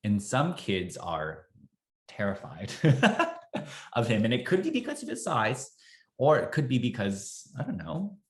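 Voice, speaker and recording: A man speaking as a podcast guest in a musing, animated conversational way. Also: mid-range voice, moderate pace. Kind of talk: conversational interview.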